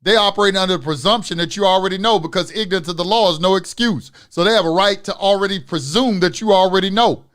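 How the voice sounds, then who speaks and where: Man, high-pitched voice, profane preachy lecturer, loud rants then mutters. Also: fast, few pauses. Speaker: instructor of an online class. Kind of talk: live online lecture.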